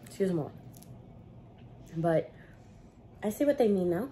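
A woman's voice: on the low side, expressive, a little slow, warm tone, slight background noise. A young woman, chatting casually between bites in a mukbang eating vlog. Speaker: food vlogger.

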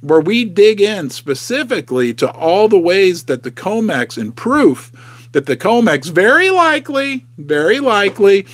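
Animated middle-aged man with lively pitch. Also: unhurried. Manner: chatty, folksy and emotional, asks viewers questions. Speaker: host of a precious-metals investing channel. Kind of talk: casual livestream talk to viewers. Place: home basement.

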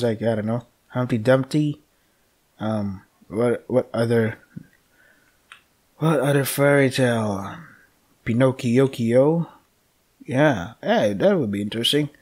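A man casually commenting while playing a game, rambling and joking with frequent swearing. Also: medium pitch. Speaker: let's play gamer.

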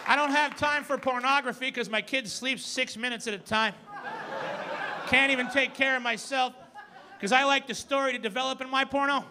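A man in his forties doing a stand-up set on a club stage, loud and ranting with mocking asides. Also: very high voice, fairly even intonation, normal speed, background noise. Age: 40s. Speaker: stand-up comedian. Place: comedy club stage with audience. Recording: live club recording with faint crowd.

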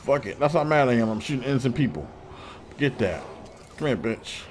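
A gaming YouTuber talks over his gameplay in loose, slangy, trash-talking commentary, his mood swinging from cocky hype to frustration. His ordinary middle-pitched voice is expressive and fairly quick, with a faint hiss of noise in the background.

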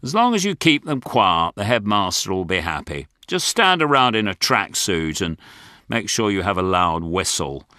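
A man's voice: lowish voice, big pitch swings, normal speed, sharp tone, no echo, studio quality. An older man voicing a breezy, chummy older male teaching-agency man in an audiobook, his tone offhand and reassuring.

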